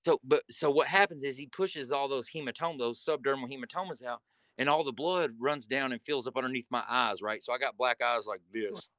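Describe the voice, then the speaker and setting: A man's voice: medium pitch, brisk, a bit bright, dry recording. Man telling a story with blunt profanity. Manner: vivid, profane, re-enacts scenes. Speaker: guest. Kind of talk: casual storytelling.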